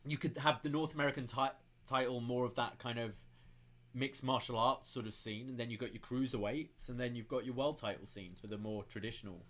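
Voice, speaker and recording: A man co-hosting a podcast, giving relaxed, opinionated takes with frequent fillers. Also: mid-range voice, brisk. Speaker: podcast co-host. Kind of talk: casual wrestling discussion.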